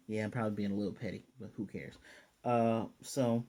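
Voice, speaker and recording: A young man casually recapping a cartoon episode, rambling and slipping into quick quoted asides. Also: lowish voice, warm tone, husky. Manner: rambling, retells scenes with quick voiced asides. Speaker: anime reviewer.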